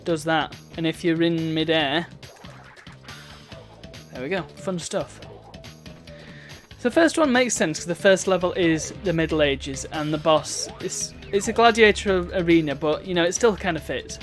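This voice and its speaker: A man's voice: a little high, a little slow, faint music behind. A man giving chatty, wry commentary while streaming a video game. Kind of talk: casual gameplay commentary.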